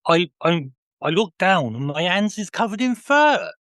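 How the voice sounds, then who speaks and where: A man's voice: high-pitched, big pitch swings, moderate pace, fairly bright tone, no echo, studio quality. A man voicing a muddled rustic farmhand who talks ungrammatically. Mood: confused.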